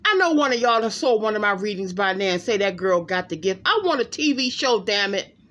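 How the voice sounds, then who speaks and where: In a brisk, medium-pitched voice, a female psychic talks animatedly and emphatically to her vlog audience, frequently calling them "y'all" and speaking to them directly in a casual way.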